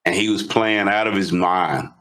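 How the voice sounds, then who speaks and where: Podcast co-host, male, lower register, animated casual storyteller. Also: moderate pace. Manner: animated, retelling with excitement.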